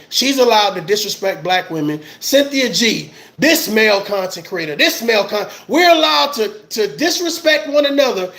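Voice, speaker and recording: A man's voice: extremely high pitch, fairly bright tone. A man, an army veteran, giving heated livestream commentary, ranting with passion and repeating his phrases.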